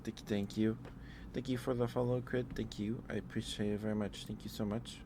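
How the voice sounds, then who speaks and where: A man streamer ending his stream, talking softly and rambling with fillers, his throat dry and his voice wearing out. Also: lowish voice, little pitch movement, brisk, noisy background. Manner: soft-spoken, rambling with fillers. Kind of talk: end-of-stream chat. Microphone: headphones and desk mic.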